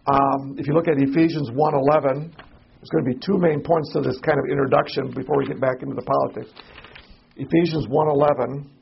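A man teaching an adult Sunday school class in a church classroom, halting and repeating himself as he puts questions to the class. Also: mid-range voice, steady tone, vocal fry, dull audio, a little hiss or hum. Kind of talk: informal Bible class teaching.

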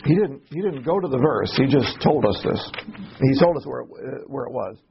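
A man leading a Bible study class in a casual teaching style, halting and repeating words and posing questions to the group. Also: mid-range voice, animated, gravelly, highs cut off, a little hiss or hum.

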